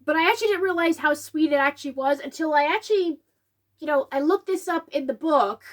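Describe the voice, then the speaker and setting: A woman giving a casual, emotional reflection on a film. She talks animatedly and gets choked up. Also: brisk. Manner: animated, acts out quotes in a higher voice. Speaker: video essayist.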